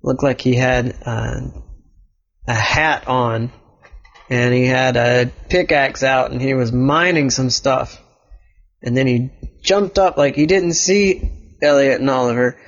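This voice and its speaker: A man's voice: medium pitch, slow. A man improvising a block-game story, rambling and restarting his sentences. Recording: dull lo-fi recording.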